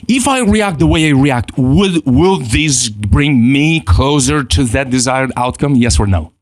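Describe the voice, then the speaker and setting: Animated man coaching with lively pitch. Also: measured pace, no room sound, clean studio sound. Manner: animated, acts out quoted inner voices, repeats words. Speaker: self-help coach. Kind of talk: motivational teaching.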